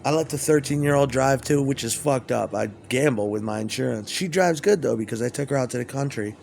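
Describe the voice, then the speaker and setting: A man talks through a loose, profane monologue with a gravelly, creaky edge to his mid-pitched voice. He stumbles and restarts as he goes, over a faint ambient hiss. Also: brisk, darkish tone. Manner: crude, rambling, profane, stammering restarts. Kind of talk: rambling spoken monologue.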